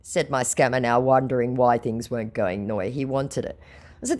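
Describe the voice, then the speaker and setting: A woman's voice: extremely low pitch, moderate pace, darkish tone. A woman hosting a scam-baiting video, reading out chat logs with sarcastic, mocking narration. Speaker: scam-baiting channel host.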